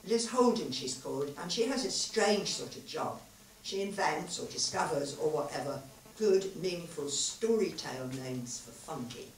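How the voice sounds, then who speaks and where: A woman's voice: low-pitched, moderate pace, a little hiss or hum. A woman voicing a rambling tipsy physicist. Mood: musing. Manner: animated, lively rambling. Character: rueful man, tipsy physicist, musing. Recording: roomy live hall, far mic.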